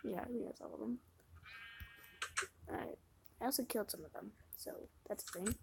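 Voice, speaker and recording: A woman giving casual let's-play commentary, mumbling to herself while playing, with sudden loud dramatic outbursts, recorded on a phone microphone. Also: on the high side, a little slow, vocal fry, pauses often, slightly rough. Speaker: game video creator. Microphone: phone microphone during screen recording.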